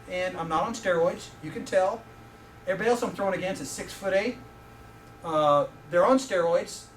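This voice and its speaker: Middle-aged guy preaching a sermon, high voice, jokey, sounds a bit far off with faint room noise. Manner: animated, joking with the audience. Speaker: visiting professor preaching. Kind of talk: sermon with personal storytelling. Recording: echoey room, mic heard from a distance.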